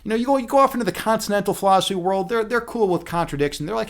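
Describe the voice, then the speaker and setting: A man's voice: high-pitched, lively intonation, fast talker, creaky, hardly any pauses. A man chatting casually on a livestream, rambling and swearing freely with lots of restarts and laughs. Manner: rambling, profane, laughs often, many restarts. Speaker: streamer.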